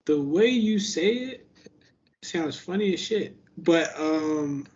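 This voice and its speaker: A man's voice: on the high side, lively intonation, takes it slowly, darkish tone, muffled recording. A man co-hosting a casual podcast who pushes back bluntly and insists on his point. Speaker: podcast co-host.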